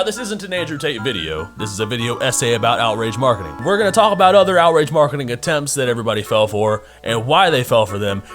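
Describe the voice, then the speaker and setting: A man's voice: mid-range voice, a bit bright. A man hosting a video essay from his room, talking in a sarcastic, opinionated way. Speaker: YouTube host.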